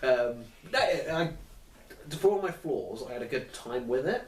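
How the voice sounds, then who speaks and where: A man's voice: mid-range voice, animated, measured pace. Man, casual film chat, rambling, echoey room, mic at a distance. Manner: rambling, swears casually, acts out quotes. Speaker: film reviewer.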